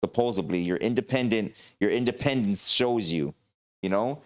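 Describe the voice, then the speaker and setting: A man's voice: lowish voice, moderate pace. A man hosting a livestream talk show, ranting with passion and filling his talk with "you know.".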